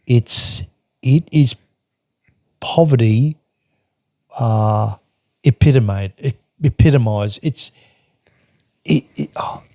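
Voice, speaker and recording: An older man from Australia recounts a long-ago journey in a loose, halting way, circling back and restarting his sentences. His voice is mellow and darkish, sitting at an ordinary pitch. The sound is dry and close. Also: no echo. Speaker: podcast guest recounting travels. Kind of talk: casual storytelling chat.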